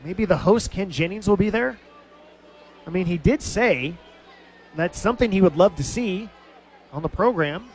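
A man's voice: expressive, normal speed, long pauses. Chatty radio baseball announcer, a man. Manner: chatty, laughs at his own story between pitches.

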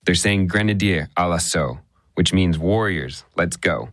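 A male radio reporter narrating a news story in a measured, conversational way. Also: low-pitched, animated, a bit bright, no room sound, studio quality.

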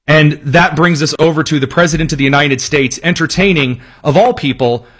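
A man's voice: on the high side, brisk, a bit bright, slightly rough. A man delivering a political commentary monologue, sarcastic, with long listing sentences.

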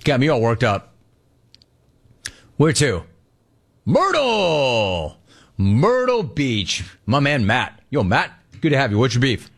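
An older man hosts a call-in radio show and rants with comic exasperation. His pitch swings widely as he mocks people, and he keeps the talk loose and conversational. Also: slow, pauses often. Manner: animated rant with mocking voices. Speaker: sports radio host.

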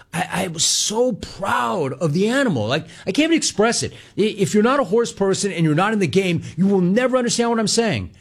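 A man hosting a sports talk show, telling a long story in a casual, animated way. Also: high voice. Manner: animated storytelling, mimics callers and others in quotes. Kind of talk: casual radio-style monologue.

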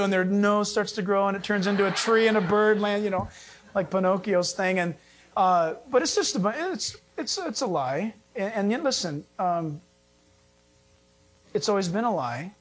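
A middle-aged male pastor delivers a sermon in a high, ringing voice. He preaches with animated conviction, firing rhetorical questions at his congregation and breaking into jokes. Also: moderate pace.

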